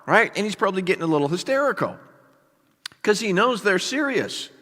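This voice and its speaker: A male pastor preaching a sermon with animated storytelling and casual asides to the congregation. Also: high voice, brisk. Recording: long hall reverb.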